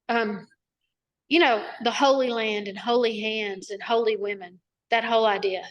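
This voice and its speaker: A woman's voice: a little high, fairly even intonation, moderate pace, slight background noise. A middle-aged woman, a nonprofit founder, answering interview questions over a video call in a chatty, rambling way full of asides and fillers.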